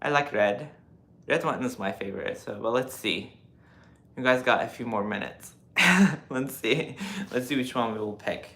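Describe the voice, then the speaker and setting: A man in his twenties on a casual live stream, reading viewer comments and answering them in an animated, lecturing way with lots of fillers. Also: mid-range voice, normal speed. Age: 20s.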